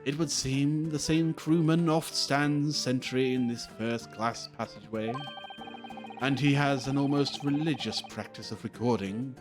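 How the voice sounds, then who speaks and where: A man voicing a theatrical, self-assured British detective, reading with a grand, drawn-out delivery over game music. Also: medium pitch, pitched above the performer's own voice, natural voice. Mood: grandiose.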